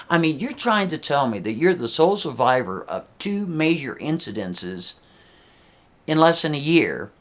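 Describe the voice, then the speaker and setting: A man's voice: on the high side, fairly bright tone. A man voicing a pushy young office woman who questions and mocks a coworker in an indignant tone.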